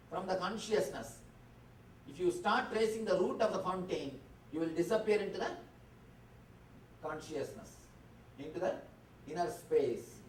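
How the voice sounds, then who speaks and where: A high-pitched man leads a guided meditation, speaking in slow, short, calm phrases. His voice rings around a roomy hall. The mic sits at a distance, with faint ambience underneath. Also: a little hiss or hum. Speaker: spiritual teacher. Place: convention hall.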